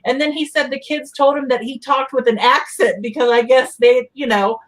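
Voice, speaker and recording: Female guest from South Carolina, high voice, friendly storyteller in casual chat. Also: steady tone, moderate pace. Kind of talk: casual live-stream chat.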